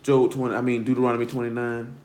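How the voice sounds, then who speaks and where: Blunt, animated preacher man in echoey room. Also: medium pitch, fast talker. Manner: blunt, animated, slangy preaching with scripture reading. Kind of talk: street-style sermon.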